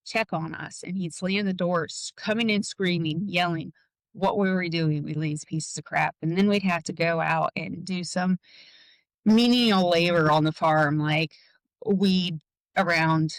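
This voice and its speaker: A woman guest in an interview, telling a personal story in a halting way, full of "like" and "um". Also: lowish voice, dry recording, rough recording.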